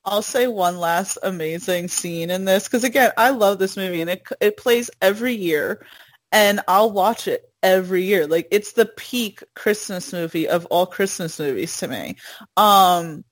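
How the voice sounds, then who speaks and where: A woman's voice: medium pitch, normal speed, no echo. Chatty woman, dry close sound. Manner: animated storytelling, laughing often, acting out quotes. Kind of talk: casual chat.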